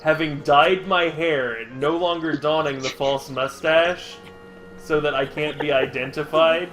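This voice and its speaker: A man's voice: on the high side, steady tone, unhurried, music in the background. A man hosting a casual game stream, chatting playfully and spinning absurd jokes.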